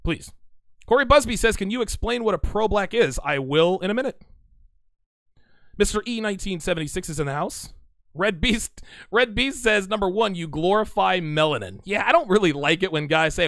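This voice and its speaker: During a casual livestream, a man reads out chat messages and fires back blunt, teasing replies. His expressive voice sits a little high for a man, fairly bright and a little fast, in a close, dry recording with no room around it.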